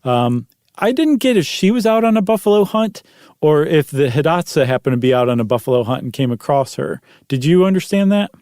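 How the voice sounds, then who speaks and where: A man's voice: on the high side, sing-song, a little fast, a little mellow, no echo. A man co-hosting a podcast in casual chat, easygoing with dry teasing and frequent ums. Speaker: podcast co-host.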